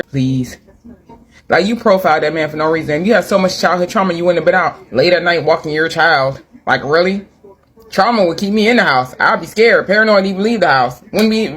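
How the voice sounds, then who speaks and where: A man's voice: a little high, a bit bright, breathy edge. A man talking straight to his followers in a casual reaction rant, exasperated and emphatic, mocking what he heard. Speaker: social media commentator.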